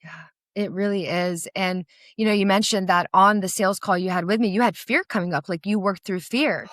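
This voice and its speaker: A woman's voice: mid-range voice, fairly even intonation, a little fast, fairly bright tone, no room sound, studio quality. A woman podcast host and sales coach who speaks encouragingly and addresses the listener directly. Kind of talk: podcast interview.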